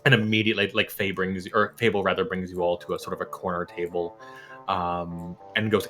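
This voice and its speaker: Low-voiced man running a tabletop game. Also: fairly quick, soft background music. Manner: relaxed, laughing narration with filler words. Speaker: game master.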